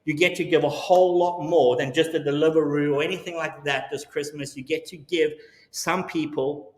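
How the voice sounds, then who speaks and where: Man, church quiz host, encouraging, preacherly, slightly high-pitched, roomy echo. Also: fairly even intonation, normal speed. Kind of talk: live-streamed quiz and appeal.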